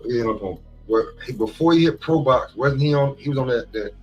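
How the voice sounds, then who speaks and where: A man's voice: medium pitch, brisk, a little mellow, breathy edge, highs cut off, soft background music. A man in a casual boxing chat over a livestream call, hesitant and searching for words. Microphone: remote livestream call.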